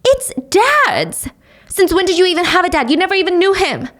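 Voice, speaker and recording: A woman voicing a young grieving daughter, high and indignant as she argues and pleads, in a drama recap. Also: expressive, a little fast. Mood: upset.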